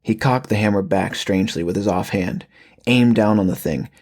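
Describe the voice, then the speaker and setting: A man, the author, narrating his horror audiobook in a measured, steady way. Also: on the low side.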